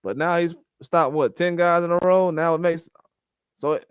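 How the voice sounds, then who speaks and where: A man's voice: a little high, fairly even intonation, moderate pace, smooth, no room sound, studio quality. A man hosting a boxing channel, talking casually and ranting, acting out the conversations he quotes.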